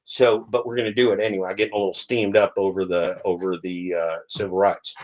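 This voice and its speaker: A man's voice: low-pitched, flat delivery, darkish tone. Fiery rambling older man, lo-fi. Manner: fiery, rambling, sarcastic, slow emphatic reading. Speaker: podcast host. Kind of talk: reading aloud and ranting.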